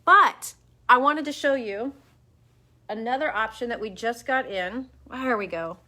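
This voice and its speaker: Bright-voiced chatty woman shop host. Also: fairly high pitch, unhurried. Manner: chatty, enthusiastic, lots of fillers. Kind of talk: casual live-stream chat.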